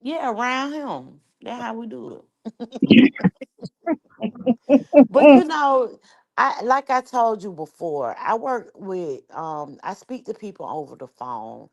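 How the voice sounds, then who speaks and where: A woman's voice: mid-range voice, expressive, a little slow, crowd noise. A woman from New York with a New York accent, hosting a casual live chat in a brash, chatty and profane way. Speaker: live stream host.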